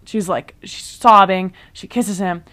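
A woman's voice: mid-range voice, fairly even intonation, unhurried, fairly bright tone. A young woman vlogger chatting through a casual recap of a TV show, full of fillers and asides.

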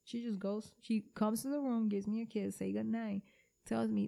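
A woman's voice: on the high side, little pitch movement, moderate pace, vocal fry, dark tone. A woman chatting casually, mixing English and Spanish and asking teasing questions. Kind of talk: casual chat.

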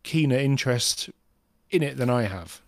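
A man co-hosting a relaxed podcast, joking at his own expense as he tells his stories. His voice sits in the middle range and is recorded close and dry, with no room sound. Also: mid-range voice, moderate pace, no room sound. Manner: self-mocking, animated storytelling. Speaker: podcast co-host. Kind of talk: casual podcast chat.

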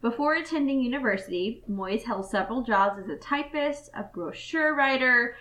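A woman's voice: on the high side, expressive, normal speed, a bit bright, poor audio. A woman co-hosting a casual book podcast over drinks, giggling often and swearing offhandedly. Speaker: podcast co-host.

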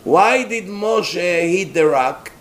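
A rabbi delivers a sermon, his voice pitched high and his pace slow. He tells the story with animation, throwing in rhetorical questions and mocking asides.

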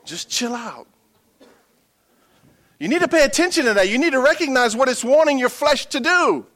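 A middle-aged male pastor preaching a sermon, humorous and animated, swinging from hushed asides to emphatic bursts. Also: very high voice, quick pace.

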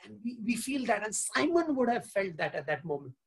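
A pastor delivers a sermon in a fairly high, husky voice. He keeps turning to his listeners with questions and slips in Hindi phrases along the way. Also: big pitch swings, brisk, rough recording. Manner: engaging, asks the congregation questions.

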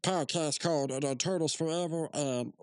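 A man hosting a comedy podcast, acting out an improvised skit in a playful way that jumps into high, silly voices. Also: moderate pace, darkish tone, no room sound, clean studio sound. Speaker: podcast host.

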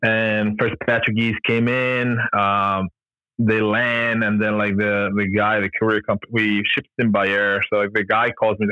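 A man with a fairly low voice tells a long story as a podcast guest, filling it with "like" and "you know" and chuckling along the way. The sound is dry and close, with a slightly dull, muffled tone. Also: little pitch movement, normal speed, no room sound. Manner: rambling, heavy use of "like" and "you know", laughs often. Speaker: podcast guest, gear company founder. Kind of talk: casual storytelling in an interview.

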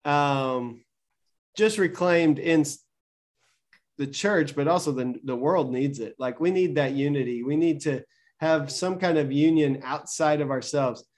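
A man's voice: fairly high pitch, a little slow. A man from the Southern United States, co-hosting a casual faith podcast chat with a wry, joking manner. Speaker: podcast co-host, churchgoer.

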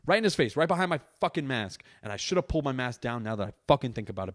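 Sitting on an indoor couch, a young podcast host swears nonstop through an exaggerated, animated story on his casual solo show. His mid-range voice races along with few pauses.

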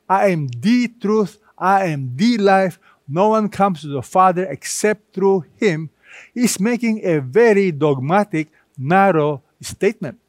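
A man's voice: a little high, no room sound. Emphatic male preacher, dry sound. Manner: emphatic, slows down to stress key words. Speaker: pastor. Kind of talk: sermon.

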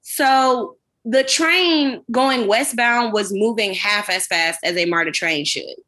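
A woman co-hosting a podcast, telling a long, animated, rambling anecdote in casual chat with plenty of swearing. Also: fairly high pitch, slow pace. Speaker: podcast co-host.

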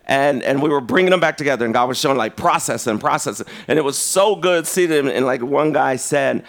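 A man preaching a conversational sermon. He tells stories in an animated way, and his pitch jumps sharply. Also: fairly quick, few pauses.

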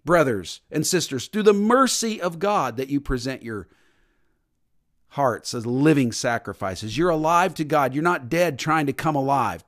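A man's voice: fairly high pitch, fairly bright tone. A man preaching a sermon as pastor, emphatic and repetitive, sometimes mimicking stiff formal prayers.

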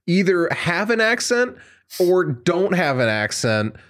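Man, slightly high voice, animated exasperated ranter, casual podcast chat. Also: takes it slowly. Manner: animated, ranting, jumps high when exasperated. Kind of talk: casual movie review chat.

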